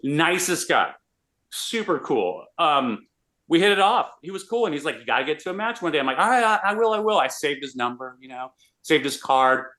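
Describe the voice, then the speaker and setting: A man, a radio host, telling an animated story in a casual interview. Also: fairly high pitch, moderate pace. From Austin, Texas. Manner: animated, excitable storyteller with many restarts.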